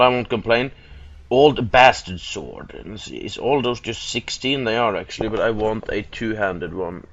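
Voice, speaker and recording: A man's voice: on the low side, fairly bright tone, muffled recording. A young man giving game commentary, swearing a lot and getting frustrated easily. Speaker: gamer.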